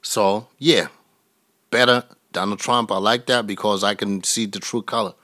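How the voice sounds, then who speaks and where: A man's voice: on the low side, fairly even intonation, moderate pace, bright, forceful tone, no echo, studio quality. A man from Africa, doing a crude, rambling stand-up comedy set and laughing at his own jokes.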